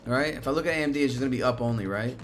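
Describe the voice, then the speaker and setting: A man hosting a live stock market stream, talking excitably and with plenty of profanity, swinging between cheering and panic as prices move. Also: mid-range voice, rapid-fire, soft background music. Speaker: stock market livestream host.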